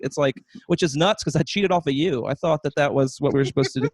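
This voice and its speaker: A man's voice: on the high side, quick pace, few pauses, dry recording, studio quality. A young man doing a self-mocking, profane stand-up set over a video call, laughing at his own jokes. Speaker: stand-up comedian.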